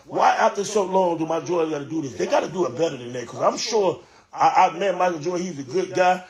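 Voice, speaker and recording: On a livestream, a Miami man rants and pleads about his sneaker collection in a fairly high, expressive voice, talking fast with a crowd audible behind him. He sounds exasperated, swearing and repeating himself in an emotional outburst.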